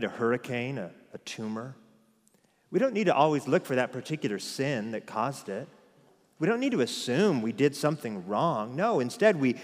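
A male pastor delivers a sermon in a fairly high voice, moving between loud, emphatic passages and quiet, hushed asides. He often repeats a word as he restarts a phrase. His voice rings with the long reverb of a large church hall.

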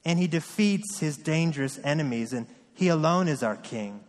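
A man's voice: a little high, animated, moderate pace, in a large hall. A man preaching a sermon as pastor, reading scripture and driving points home with earnest repetition.

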